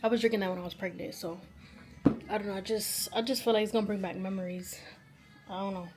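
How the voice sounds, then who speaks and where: A woman in her twenties from New York, chatting casually to the camera while tidying her bedroom and thinking out loud about where things should go. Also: mid-range voice, fairly even intonation, quick pace, over loud music. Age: 20s. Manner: chatty, thinking aloud, often unsure. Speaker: vlogger. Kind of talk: casual chat while cleaning. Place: bedroom at home.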